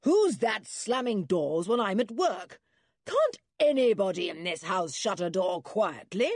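A gruff, impatient middle-aged father snaps from the page of a children's storybook, put on by a woman reader. The voice is husky and dry, with a lively swing in pitch. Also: measured pace, dry recording. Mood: angry. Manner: gruff and irritable. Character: impatient hot-tempered scientist father, middle-aged man.

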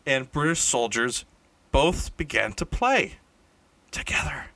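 A man spins an improvised comic tale in a loose, rambling way, stopping to fix his own words and chuckling along. His voice is bright and ringing, and the sound is close and dry with no room echo. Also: mid-range voice, lively intonation, slow. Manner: rambling, self-correcting, laughs at own jokes. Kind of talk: casual improvised comic storytelling. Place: indoor room shared with a co-host.

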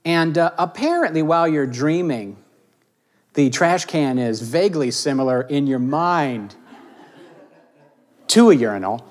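Middle-aged male pastor, slightly high voice with lots of swing, jokey sermon delivery. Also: measured pace, pauses often. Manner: animated, joking, self-mocking storyteller. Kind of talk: casual sermon.

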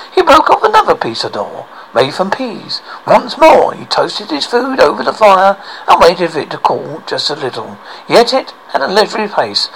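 A man narrating a children's storybook aloud, expressive, with small slips and restarts. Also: high voice, slight background noise, rough recording.

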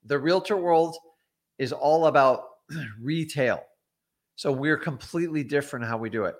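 A man's voice: a little high, normal speed. A middle-aged man, a real estate investor, teaching wholesaling in a casual livestream, blunt and chatty with frequent ums and asides.

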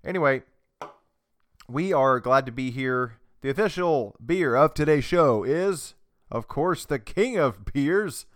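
On a desk USB mic, a man hosting a podcast delivers a crude comedic rant, swearing, mocking and putting on mimicked voices. He speaks at a measured pace in a mid-range, fairly bright voice. The audio is studio quality, with no room sound.

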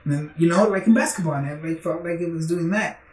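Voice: medium pitch, quick pace, darkish tone, distant mic. Casual podcast co-host, young adult, a loose storyteller who laughs a lot, recorded in a roomy space away from the mic. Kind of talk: casual chat. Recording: roomy, off-mic, crowd noise behind.

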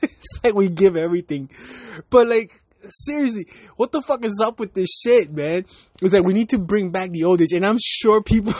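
This Miami podcast host, a man in his thirties, delivers a casual, rambling rant full of swearing and laughs. His voice sits high, and there's no echo.

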